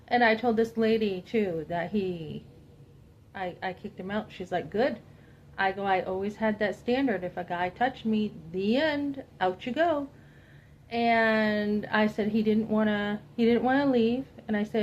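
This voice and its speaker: A woman's voice: mid-range voice, measured pace, a little hiss or hum. Woman telling her story, lo-fi sound. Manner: animated, quotes herself and others in dialogue, addresses listeners directly. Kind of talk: candid personal testimony to camera.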